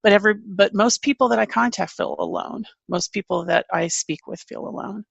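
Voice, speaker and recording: A woman author and family caregiver answering interview questions candidly, with halting restarts. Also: medium pitch, gravelly, breathy edge, no echo, highs cut off.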